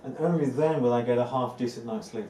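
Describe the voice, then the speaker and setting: A man with a mellow, warm voice giving a spiritual talk to a live group, earnest and repeating key words for weight. He is picked up from a distance in an echoey room. A faint hum of ambient noise sits underneath. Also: medium pitch, fast talker. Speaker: spiritual teacher. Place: indoor room with a live audience.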